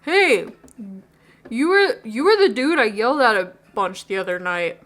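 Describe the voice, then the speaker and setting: A laid-back young male skater barista with a slow, drawling, showy delivery, as a woman puts him on. The tone stays bright and forward, with a pitch a little above the usual for a man. He hams it up in a cartoonish dating-game way. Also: expressive.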